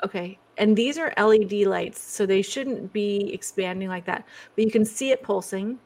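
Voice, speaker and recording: A woman's voice: medium pitch, moderate pace, darkish tone. A woman being interviewed as a guest over a video call, chatty, breaking off her own sentences and laughing often.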